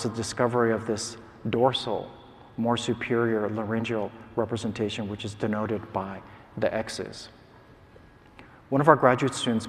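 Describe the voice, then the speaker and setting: A man giving an academic lecture as a neuroscientist, measured and explanatory with frequent ums and uhs. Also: fairly low pitch. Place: large conference hall. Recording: long hall reverb.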